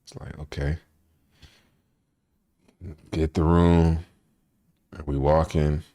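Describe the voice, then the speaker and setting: A man hosting a podcast, telling a story in a relaxed, profane way and often laughing as he talks. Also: very deep voice, very slow. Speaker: podcast host. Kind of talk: casual storytelling monologue.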